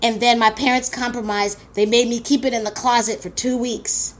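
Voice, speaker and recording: A woman from Queens, telling a personal story in a blunt, animated way and swearing freely. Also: fairly high pitch, normal speed. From Queens, New York.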